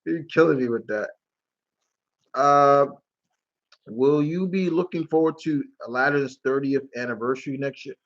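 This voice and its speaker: A man's voice: medium pitch, normal speed, pauses often, highs cut off. A man hosting a live question-and-answer stream, chatting casually and rambling, with free swearing. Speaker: channel host.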